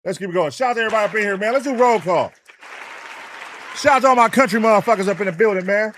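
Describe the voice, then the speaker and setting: A streamer host talks very fast in a high-pitched voice, chatting loosely and profanely and singing out names from his chat in a roll-call style. Loud hip hop music plays behind him, along with a faint crowd and slight background noise.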